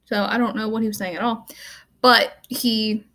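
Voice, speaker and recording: A woman's voice: a little high, steady tone, normal speed, bright, forceful tone. A young woman vlogging a casual movie rant, rambling and full of "like" and "um", offhand and wry. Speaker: student vlogger.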